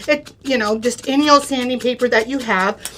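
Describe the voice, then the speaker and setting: Middle-aged lady demoing crafts live, kinda high voice, chatty, keeps asking okay? right?. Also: brisk, sharp tone, a little hiss or hum. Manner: chatty, step-by-step instructions with frequent "okay?" and "right?". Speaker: crafting demonstrator. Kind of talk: live craft product demo.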